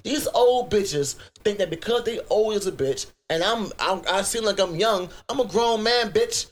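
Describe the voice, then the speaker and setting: A young American man with a Virginia accent, co-hosting a crude comedy podcast, telling stories in an animated, profane rant. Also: high voice, normal speed. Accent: US Southern, Virginia. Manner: profane, animated storytelling with outbursts. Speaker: podcast co-host.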